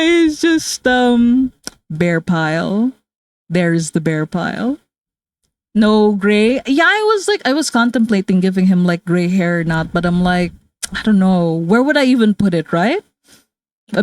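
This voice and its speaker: A woman's voice: medium pitch, dry recording. Giggly Filipino woman streamer, chatty. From Philippines. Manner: chatty and giggly, mixing in Tagalog fillers. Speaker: VTuber streamer and artist. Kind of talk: casual livestream chat.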